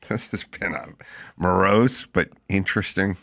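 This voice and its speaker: A man's voice: low voice, a little slow. A middle-aged man hosting a podcast, telling stories casually and acting out both sides of his conversations. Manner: animated storyteller, acts out both sides of phone calls. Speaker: podcast host. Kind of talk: casual chat.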